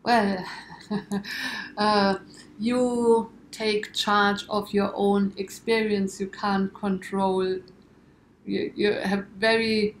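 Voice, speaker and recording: A woman's voice: mid-range voice, level tone, very slow, reverberant, a little hiss or hum. A woman guest in a conversational interview, explaining her ideas in a reflective way with lots of imagery.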